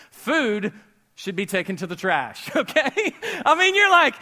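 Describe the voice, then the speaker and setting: A man with a high, bright voice delivers a sermon to a live congregation. He talks like he's chatting with friends, cracks jokes and asks the room questions. His voice swells to a shout on the words that matter. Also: unhurried. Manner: animated, rising to shouts at key words; conversational and joking, asking the audience questions. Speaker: pastor. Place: church with a live audience.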